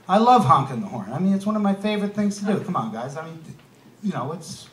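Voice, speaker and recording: A man's voice: high voice, very animated, fairly quick, roomy sound, a little hiss or hum. A man doing a stand-up comedy set, punchy and wry, throwing asides to the crowd. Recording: live club room, mic heard from a distance. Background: audience laughter.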